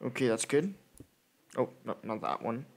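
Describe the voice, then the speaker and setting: A man's voice: medium pitch, normal speed. A man giving casual gameplay commentary, rambling and correcting himself as he thinks aloud. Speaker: gaming video creator.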